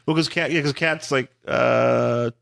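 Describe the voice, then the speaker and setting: A man's voice: mid-range voice, unhurried, creaky, fairly bright tone. A man co-hosting a podcast, chatting casually about a comic and often restarting his sentences as he jokes. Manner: rambling, restarts phrases, joking. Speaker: podcast co-host.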